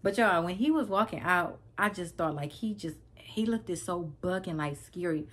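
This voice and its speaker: Vlogger, woman, slightly low voice, animated and emphatic storyteller. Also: moderate pace. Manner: animated, emphatic, repeats herself, talks straight to viewers. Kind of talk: casual storytelling to camera.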